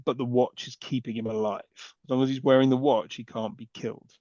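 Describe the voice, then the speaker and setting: Fast-talking, incredulous man. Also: mid-range voice, level tone, mellow, dry recording, muffled recording. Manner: quick, sweary, incredulous commentary. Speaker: podcast co-host. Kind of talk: casual film chat.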